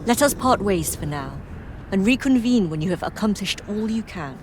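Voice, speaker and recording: An actress voicing a grave, stately noble leader in a fantasy video game, speaking in measured, formal, old-fashioned phrasing. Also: female voice, mid-range voice, lively intonation, slight background noise, close to an everyday voice. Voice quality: measured, formal archaic diction.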